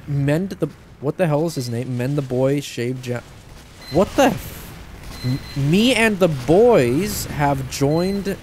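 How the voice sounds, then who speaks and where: A man's voice: mid-range voice, background noise. Rambling, joking man over game gunfire. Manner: rambling, self-deprecating and joking. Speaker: YouTuber. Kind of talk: casual gameplay commentary.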